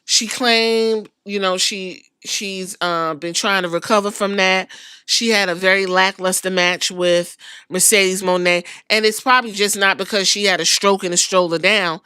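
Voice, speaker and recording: A woman hosting a podcast, ranting in casual commentary with an incredulous, profane, animated manner. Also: mid-range voice, moderate pace, clean tone, no room sound, studio quality. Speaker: podcast host.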